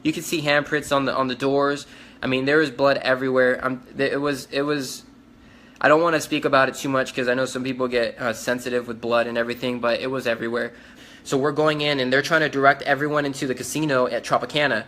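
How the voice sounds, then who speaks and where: Bright-voiced man telling an urgent story. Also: mid-range voice, flat delivery, fast, slight background noise. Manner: urgent, insistent storytelling with quoted dialogue and restarts. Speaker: eyewitness recounting an event. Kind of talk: first-person testimony to camera.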